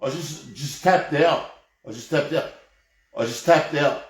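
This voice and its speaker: A man's voice: on the high side, unhurried. An Australian man ranting in a heated, rambling way on a live stream, swearing heavily and often restarting his sentences. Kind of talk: profane off-the-cuff rant. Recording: echoey room.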